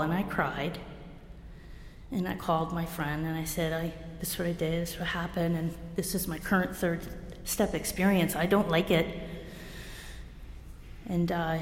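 A blunt woman from New Jersey with a lowish voice gives a candid personal share at a recovery meeting. She's wry and self-deprecating, breaking into bursts of laughter, and the hall echoes with long reverb.

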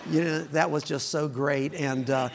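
A man's voice: a little high, fairly even intonation, measured pace. A middle-aged man, preaching as a guest and joking with the congregation. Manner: folksy, joking, laughing between lines. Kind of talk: sermon with joking opening remarks.

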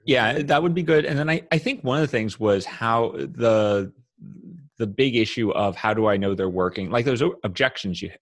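A man's voice: mid-range voice, moderate pace, no echo, studio quality. A man hosting a podcast, chatting casually and laughing often, trailing off mid-sentence. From Tennessee. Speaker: podcast host. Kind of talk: casual pre-show chat.

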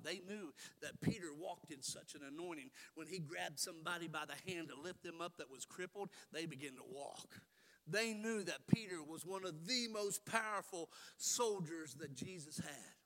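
A middle-aged man preaching a sermon in a folksy way, swinging from hushed tones to loud exclaiming. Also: a little high. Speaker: pastor.

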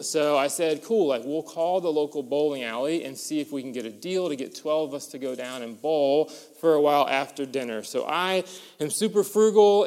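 A pastor preaching a sermon and telling a lively personal story, getting animated as it builds. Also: male voice, a little high, clean tone. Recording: long hall reverb.

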